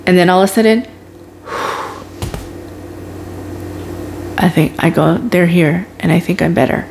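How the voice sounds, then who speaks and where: A woman's voice: fairly low pitch, quick pace, gravelly, darkish tone, a little hiss or hum. A woman vlogger telling her own story in a casual, emotional way, with sighs and groans as she relives it.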